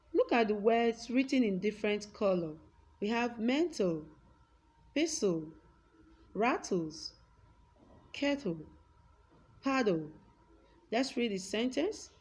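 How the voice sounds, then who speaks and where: A young woman with a Nigerian English accent teaching a class. She repeats example words aloud and stretches words slowly to stress a point. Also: fairly high pitch, a little mellow. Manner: slow, drawn-out words when stressing a point. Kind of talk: classroom lesson with a whiteboard.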